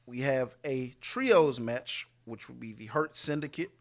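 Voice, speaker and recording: A man's voice: mid-range voice, animated, unhurried. A man co-hosting a podcast, giving casual wrestling predictions with hesitant fillers and joking asides. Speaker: podcast co-host.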